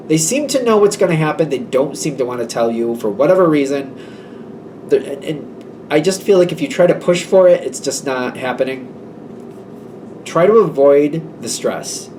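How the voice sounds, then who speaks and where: A man's voice: a little high, lively intonation, normal speed, darkish tone, distant mic, slight background noise. A man giving a casual, rambling tarot reading, acting out little exchanges between people as he talks. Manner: chatty, rambling, acts out quoted exchanges. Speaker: tarot reader.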